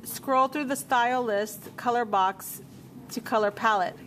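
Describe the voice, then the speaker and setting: Woman teaching a software lesson. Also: a little high, measured pace, slight background noise. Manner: talks herself through steps, repeats menu names. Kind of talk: software tutorial walkthrough.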